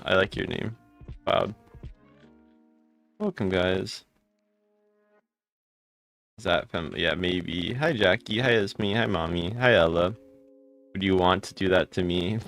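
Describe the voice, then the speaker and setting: Low-voiced guy greeting chat. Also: creaky, a bit bright. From United States. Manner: rapid-fire greetings, answering chat comments. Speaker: live streamer. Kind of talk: casual live-stream chat while gaming.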